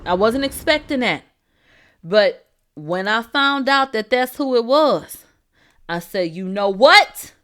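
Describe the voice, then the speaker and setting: A woman hosting a celebrity gossip livestream. She talks in a brash, profane way, laughs, answers her chat, and swings from low asides to loud outbursts. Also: expressive, slow. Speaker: host of a celebrity gossip show. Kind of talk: livestream entertainment gossip commentary.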